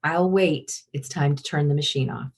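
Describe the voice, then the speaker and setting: A woman voicing a calm, commanding mother she calls the queen, firm and unhurried. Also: sits low, a little hiss or hum, pitched below the performer's own voice.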